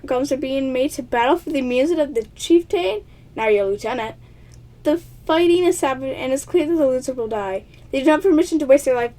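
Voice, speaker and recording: Reading a text adventure game aloud, this woman has a high, slightly mellow voice. She trips over words and is often tongue-tied, giggling as she makes playful comments to the people watching.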